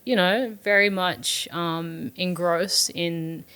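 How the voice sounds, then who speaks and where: A woman's voice: on the low side, steady tone, slow pace, a bit bright, smooth. A young adult woman, a startup founder, earnestly telling a personal story in an interview, with many fillers and restarts.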